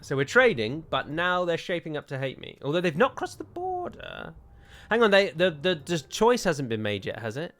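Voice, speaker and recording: A man's voice: fairly high pitch, very animated, moderate pace, a bit bright. A man playing a strategy game and commenting as he goes, chatty and thinking aloud with frequent digressions. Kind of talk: let's play commentary.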